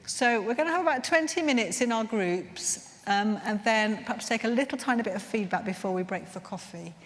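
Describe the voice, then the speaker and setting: A woman's voice: fairly high pitch, lively intonation, fairly quick. A woman leading a workshop at a chaplains' conference, telling stories in an earnest, heartfelt way. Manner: earnest, heartfelt, gently searching. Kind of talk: conference talk with storytelling. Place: conference room. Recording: long reverb in a large room.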